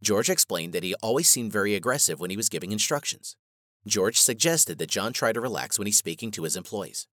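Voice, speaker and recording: A man reading a scripted instructional narration in a measured, even way. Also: on the low side, dry recording, studio quality.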